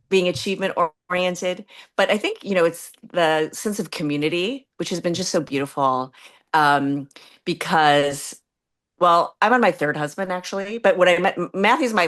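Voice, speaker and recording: A woman speaks as a guest in a friendly interview, with a somewhat low voice. She is chatty and relaxed, and light laughs come between her phrases. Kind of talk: casual conversational interview.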